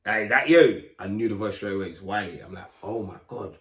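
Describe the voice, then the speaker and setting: A man telling a lively story in casual street slang, acting out the voices of people in it. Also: fairly low pitch, a little fast. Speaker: guest, grime MC. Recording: roomy echo.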